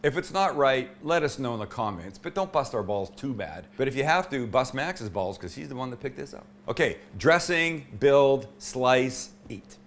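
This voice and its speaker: A man's voice: medium pitch, animated, moderate pace, few pauses. A man hosting a cooking show from his indoor home kitchen, chatty and irreverent as he demonstrates a recipe.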